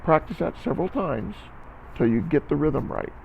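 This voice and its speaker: Male band teacher, encouraging, counts beats, gravelly and a bit high. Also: expressive, moderate pace, phone-quality sound, a little hiss or hum. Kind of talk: recorded music lesson for students.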